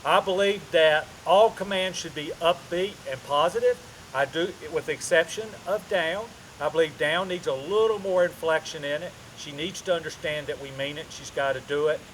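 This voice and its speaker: A man who is a dog trainer explaining a training demonstration step by step. He often checks in with a quick "okay?" and breaks into upbeat praise and commands for the dog. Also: on the high side, fairly bright tone, slight background noise, poor audio.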